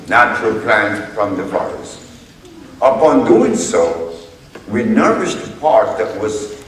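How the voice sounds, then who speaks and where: A man giving a public lecture, telling a story in an unhurried, emphatic way and acting out the dialogue he reports. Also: medium pitch. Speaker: speaker addressing an audience. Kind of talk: public lecture with retold courtroom exchanges. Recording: echoey hall from far off, faint background noise.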